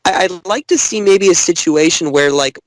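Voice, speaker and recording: A man's voice: high voice, normal speed, no echo, poor audio. A man hesitantly brainstorming an episode idea, searching for words with many fillers. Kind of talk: casual brainstorming.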